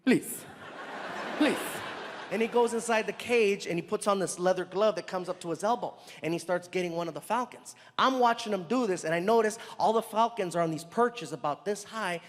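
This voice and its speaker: A man doing stand-up, telling a story and acting out the people in it with quick voice changes. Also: sits high. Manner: animated, acts out characters with shifting voices. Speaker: stand-up comedian. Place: large live venue with audience laughter. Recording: live hall with crowd noise.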